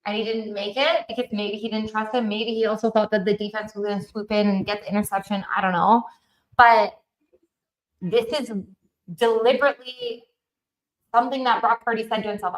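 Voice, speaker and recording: A woman's voice: medium pitch, steady tone, a little fast, low-quality recording. A woman from Canada hosting her own football fan show, talking in a brash, emphatic way, swearing freely and laughing often. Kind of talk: casual sports opinion vlog.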